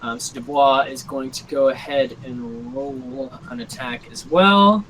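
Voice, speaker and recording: A man's voice: mid-range voice, lively intonation, measured pace, creaky, pushed and bright, slight background noise, rough recording. A young man narrating a tabletop game as game master on a voice call, rambling with lots of ums and likes.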